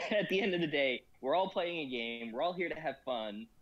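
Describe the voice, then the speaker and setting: A man's voice: on the high side, lively intonation, moderate pace, a bit bright. Rambling man on dull lo-fi audio. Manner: rambling, constant "you know" fillers. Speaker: guest. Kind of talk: casual discussion.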